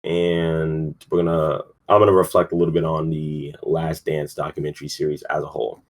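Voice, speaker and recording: A man's voice: extremely low pitch, level tone, normal speed. A man hosting a podcast, rambling and profane, with many fillers, sounding sleepy. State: yawning, sleepy. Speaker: podcast host. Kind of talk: casual sports talk.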